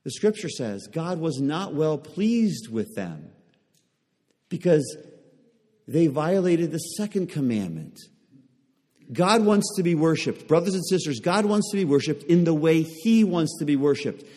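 A man's voice: a little high, very animated, measured pace, mellow, in a large hall. A man preaching a sermon to a congregation, pressing them with repeated rhetorical questions. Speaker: pastor.

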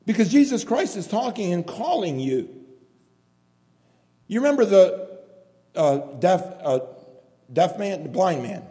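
A man delivers a pleading, impassioned sermon in a fairly high but warm, mellow voice. He leans on repeated phrases to drive each point home. His words ring out with a long reverb in a church hall. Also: sing-song, unhurried, long pauses. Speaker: preacher.

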